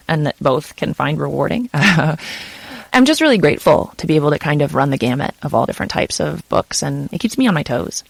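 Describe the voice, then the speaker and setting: Woman, audiobook narrator, casual interview chat, gravelly voice, lots of fillers. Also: low voice, expressive, moderate pace, no room sound. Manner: chatty, filler-heavy with frequent "kind of" and "you know".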